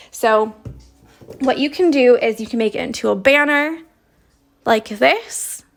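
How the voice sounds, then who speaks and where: A young Canadian embroidery teacher chats brightly through a casual crafting tutorial, breaking it down step by step. Her voice is fairly high-pitched and creaky.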